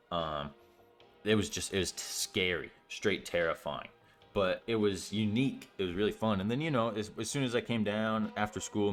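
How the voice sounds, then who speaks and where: Rambling young man telling a story. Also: deep voice. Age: young adult. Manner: rambling, heavy "like" fillers, swearing. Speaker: storytime vlogger. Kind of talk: casual storytime.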